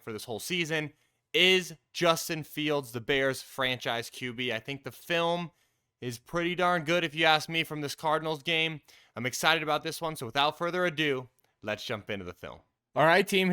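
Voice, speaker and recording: A man's voice: on the high side, moderate pace, bright, forceful tone, clear, resonant tone. A man hosting a quarterback show, casually breaking down football film in a coach-like way, explaining each play step by step and calling his viewers the team. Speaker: quarterback trainer and show host.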